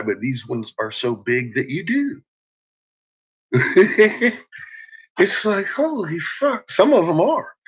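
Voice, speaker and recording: A man rambling casually in a home vlog, swearing a lot and laughing often, dropping to low mutters and rising to loud shouts. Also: slightly rough. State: uses bottled oxygen. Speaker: vlogger. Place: at home with a dog. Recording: dull lo-fi home recording.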